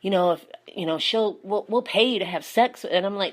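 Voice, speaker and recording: A woman's voice: medium pitch, a little fast, few pauses. A woman hosting a casual chat, telling stories animatedly and laughing often. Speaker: host.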